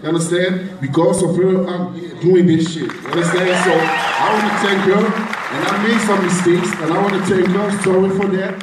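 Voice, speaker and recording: A man's voice: sits high, fairly even intonation, normal speed, over a noisy crowd. A man with a Brooklyn accent, a bodybuilding competitor speaking emotionally and rambling at a press conference. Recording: echoey hall from far off, noisy.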